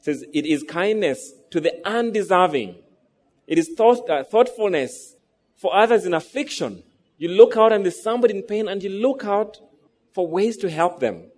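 A man's voice: sits high, lively intonation, moderate pace, a little mellow. Man preaching with rhetorical questions. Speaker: pastor. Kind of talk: sermon.

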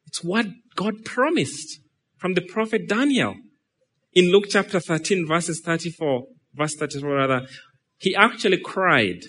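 A man with a somewhat high voice preaching with great feeling. He rises into loud, pressing rhetorical questions, then drops to quiet, drawn-out phrases, and slips into voices for the people he quotes. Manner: animated, swinging between loud rhetorical questions and hushed, slowed lines; acts out quotes and imagined dialogue in the middle of preaching. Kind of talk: sermon.

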